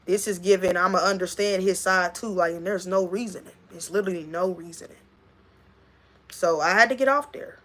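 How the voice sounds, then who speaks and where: A woman's voice: lowish voice, brisk, fairly bright tone. A woman, talking casually and emphatically to her livestream viewers, repeating her points and addressing a friend directly. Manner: emphatic, repeats herself, talks straight to a friend. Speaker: livestream host.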